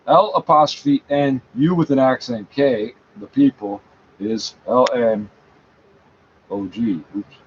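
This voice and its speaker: A man's voice: mid-range voice, slow. Scornful man arguing with what he reads. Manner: scornful, swears often, talks back to the text. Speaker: commentator reading aloud. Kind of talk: reading a page aloud and arguing with it. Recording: dull lo-fi sound, faint background noise.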